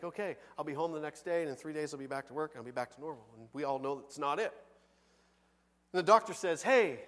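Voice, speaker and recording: A man preaching a sermon from the pulpit, conversational and animated, with big swings between loud and soft. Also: high voice, long reverb tail. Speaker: pastor. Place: church sanctuary.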